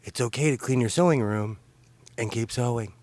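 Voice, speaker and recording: A man's voice: mid-range voice, moderate pace, a little mellow. A man vlogging casually from his home sewing room, showing off his makes and often breaking into laughter. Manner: giggly, keeps breaking into laughter. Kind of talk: casual show-and-tell vlog.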